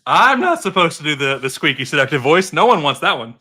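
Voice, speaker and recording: A man with a very bright, lively voice chats playfully on a livestream. His voice is worn and giving out, and coughs break into his talk. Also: fairly high pitch, husky. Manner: playful, quick to laugh, coughing. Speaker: co-host. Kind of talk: casual livestream chat.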